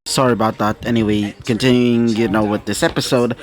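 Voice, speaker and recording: A man's voice: medium pitch, steady tone, fairly quick. A man narrating a fan-fiction story in a rambling way, full of fillers and self-corrections.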